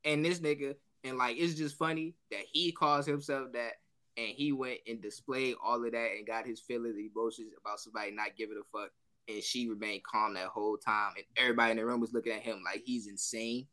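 On a casual podcast, a co-host with a medium-pitched voice tells a fairly quick, animated story. Frequent laughter breaks in as he acts out quotes.

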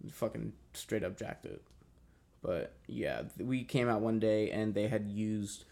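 A man's voice: lowish voice, unhurried, vocal fry, mellow. A young man telling a story in casual chat, rambling and swearing, with lots of fillers. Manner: rambling, profane, many fillers.

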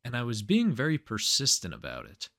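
A man's voice: medium pitch, huge pitch swings, brisk, fairly bright tone. A young man co-hosting a podcast, telling crude, profane drinking stories in casual chat. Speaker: podcast co-host.

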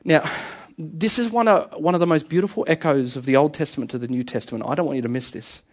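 A man's voice: fairly high pitch, fast talker, darkish tone. A man preaching a sermon, telling stories earnestly and animatedly with frequent restarts.

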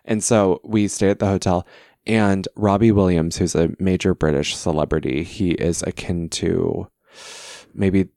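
A man's voice: sits low, fairly even intonation, measured pace, creaky, warm tone, dry recording, clean studio sound. A man hosting a podcast, chatting casually and telling self-deprecating stories. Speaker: podcast host. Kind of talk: casual chat.

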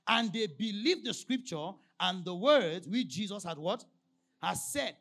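A man preaching a sermon as pastor, prompting the congregation to finish his lines and reading scripture slowly and emphatically. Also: sits high, lively intonation, creaky, fairly bright tone. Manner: call-and-response, prompting the congregation with "what?".

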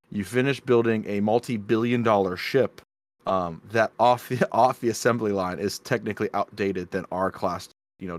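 A man co-hosting a casual podcast, talking earnestly with lots of ums and restarts. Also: lowish voice. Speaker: podcast co-host. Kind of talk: casual drinking chat. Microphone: podcast mic.

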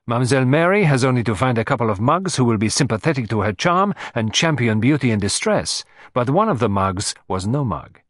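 A man's voice: medium pitch, big pitch swings, a little fast, few pauses, a bit bright, dry recording, clean studio sound. Hercule Poirot, put on by a man, precise and smug. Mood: explaining. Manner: precise, self-satisfied, theatrical. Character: fussy, proud, shrewd older male Belgian detective.

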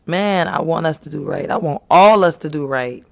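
A man's voice: a little high, moderate pace, creaky, a bit bright. A man preaching to his viewers with impassioned, earnest exhortation, pleading and repeating himself. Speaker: faith speaker.

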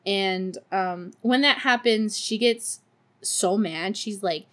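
A podcast host recaps a movie in casual chat, her mid-range voice slow and fairly bright. She laughs often and tosses in sarcastic, profane asides.

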